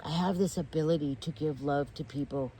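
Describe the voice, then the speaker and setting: A woman telling a personal story in casual podcast chat, animated and intense, restarting her sentences and near tears. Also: low voice, a little hiss or hum. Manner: animated, intense, self-interrupting, quick to tears. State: tearful. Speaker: guest.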